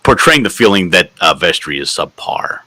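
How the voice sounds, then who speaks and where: A man in a casual group chat, joking and thinking out loud with a lot of hesitation. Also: low voice, big pitch swings, normal speed, dry recording.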